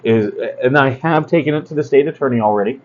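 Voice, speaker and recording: A man's voice: mid-range voice, fast, muffled recording. A man hosting a casual livestream talk, blunt and rambling, with many fillers and asides. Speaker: host.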